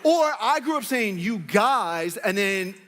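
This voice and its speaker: A pastor from Northwest Arkansas preaches to his congregation in a church hall, joking playfully with them. His voice sits high and sounds animated and sharp, and he speaks slowly. The recording carries a long hall reverb.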